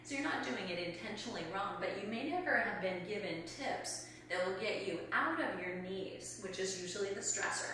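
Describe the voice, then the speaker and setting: A woman's voice: medium pitch, animated, normal speed, few pauses, pushed and bright, distant mic, slight background noise. Fitness coach woman in an echoey room. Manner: demonstrating exercises while talking, a little out of breath. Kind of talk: instructional exercise video. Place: room at home.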